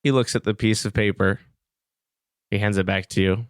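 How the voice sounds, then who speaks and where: A man's voice: fairly low pitch, fairly even intonation, normal speed, dry recording, clean studio sound. A man running a tabletop game as game master, narrating the scene with a playful manner. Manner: laughs between lines, playful narration.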